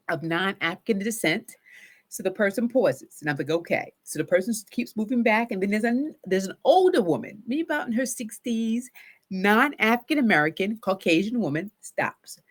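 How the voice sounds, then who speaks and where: A woman therapist telling a personal story in a casual, animated way, acting out her own shouts and self-talk. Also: a little high.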